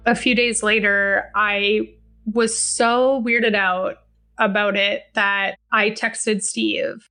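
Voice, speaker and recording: A young woman telling a personal story in a relaxed, conversational way, slipping into the voices of the people she quotes. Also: mid-range voice, takes it slowly, faint music behind. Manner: conversational, acts out the dialogue in quotes. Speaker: guest storyteller. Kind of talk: first-person true story told to a podcast.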